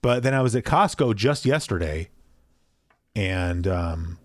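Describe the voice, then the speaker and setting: A man with a fairly low voice co-hosts a casual podcast from a small basement at home. He rambles and pokes fun at himself. The sound is dry and close, with no room echo. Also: expressive, measured pace. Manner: rambling, self-deprecating. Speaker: podcast co-host. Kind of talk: casual chat.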